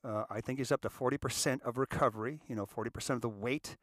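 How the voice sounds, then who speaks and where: A man's voice: mid-range voice, quick pace, fairly bright tone, no room sound, studio quality. A middle-aged man, host of his own show, telling a reflective personal story in a conversational way and acting out the quotes. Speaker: podcast host.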